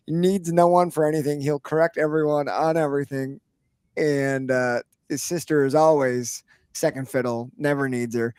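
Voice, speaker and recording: A man's voice: fairly high pitch, steady tone, moderate pace, smooth, dry recording, clean studio sound. A man in casual podcast chat, telling family stories and laughing as he talks. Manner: warm storyteller, laughs while talking.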